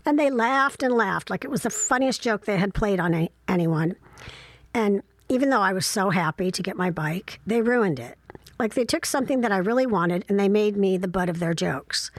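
A woman's voice: mid-range voice, animated, normal speed, no echo. A middle-aged woman from Ohio telling personal stories as a mother in a candid, reflective, wry way, with frequent fillers. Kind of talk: casual personal storytelling.

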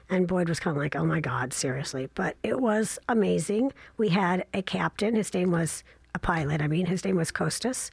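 A woman in her sixties telling a casual travel story, chatty and self-deprecating with animated asides. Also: lowish voice, creaky, slightly rough, no room sound.

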